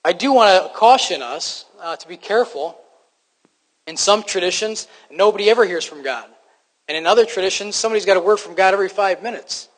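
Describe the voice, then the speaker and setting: A man with a high voice delivers a sermon in an easy, conversational way, often stumbling and restarting, and poking fun at himself. His words ring out with a long reverb, as in a large church hall. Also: a little fast. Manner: conversational, self-deprecating, frequent restarts. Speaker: preacher.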